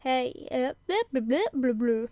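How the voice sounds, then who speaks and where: A woman's voice: sits high, steady tone, a little slow, dark tone, dry recording. A young woman hosting a gaming video, reading character bios aloud, giggling and tripping over words. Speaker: gaming channel host.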